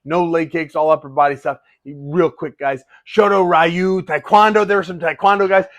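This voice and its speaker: A middle-aged man who fights for a living talks into the camera in a casual vlog, eager and animated, often tripping over his own sentences. His voice sits a little high for a man. The recording is close and dry, with no room sound. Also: moderate pace, dry recording, dull audio. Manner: excited, animated, restarts often. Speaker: fighter and vlogger.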